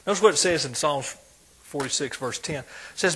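A man preaching a sermon, folksy and animated, dropping soft and then rising loud. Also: a little high, fairly quick, breathy edge.

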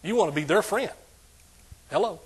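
Husky-voiced man preaching a sermon. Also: high voice, lively intonation, moderate pace. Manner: preaching with call-and-response, rising to shouts. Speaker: pastor.

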